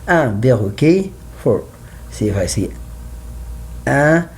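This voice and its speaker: A man teaching slow classroom French lesson. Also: mid-range voice, big pitch swings. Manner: slow, repeats words for learners.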